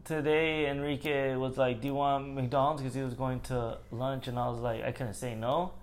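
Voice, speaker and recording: A man's voice: medium pitch, moderate pace. A young man co-hosting a casual podcast, telling a work story and acting out the people in it. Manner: animated storyteller, acts out quotes. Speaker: podcast co-host. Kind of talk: casual chat.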